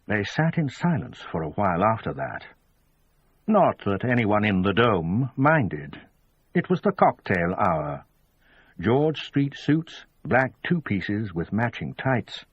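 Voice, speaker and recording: Male audiobook reader, measured and animated in pitch; dry, lo-fi sound. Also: slightly rough, dry recording. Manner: measured storytelling. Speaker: audiobook narrator. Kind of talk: scripted narration.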